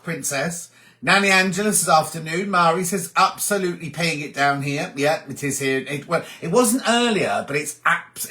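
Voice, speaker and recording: A man's voice: a little high, sharp tone. A man from England hosting a casual live chat, reading viewer comments aloud and answering them.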